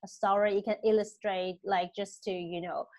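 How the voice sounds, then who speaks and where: A woman's voice: mid-range voice, steady tone, normal speed, darkish tone. A woman hosting a casual interview, asking questions with enthusiastic, loosely phrased speech and fillers. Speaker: interview host.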